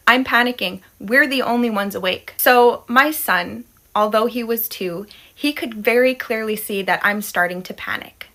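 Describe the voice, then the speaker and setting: A bright, high-toned woman in her thirties tells a frightening story from her own life. She talks casually but dramatically, playing up her fear as she goes. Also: animated, normal speed, hardly any pauses. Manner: dramatic, acts out her panic and quotes her toddler. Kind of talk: casual first-person storytelling.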